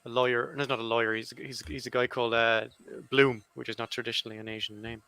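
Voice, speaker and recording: A man's voice: mid-range voice, flat delivery, fast talker, sharp tone, smooth, dry recording. A man on a debate panel, speaking in a sardonic, wryly teasing way. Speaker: panel guest, podcaster.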